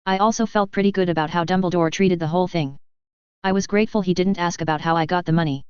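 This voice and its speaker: A woman's voice: on the low side, fast, darkish tone, clear, resonant tone, no echo. A woman narrating a fan story in the first person with a bubbly, playful manner. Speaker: audiobook narrator. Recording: dull dry lo-fi audio.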